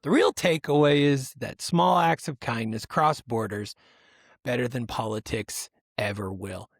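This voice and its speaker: A man's voice: medium pitch, unhurried, vocal fry, no echo. Dry-voiced man reading stories casually. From United States. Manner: rambling, self-interrupting, laughs while reading. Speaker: podcast host. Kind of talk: casual podcast chat, reading news stories.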